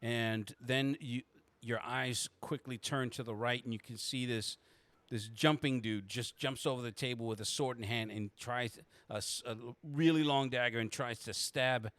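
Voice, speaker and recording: Bright, dry-voiced man narrating a game. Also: mid-range voice, no room sound. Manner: halting, restarting, second-person narration. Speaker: game master.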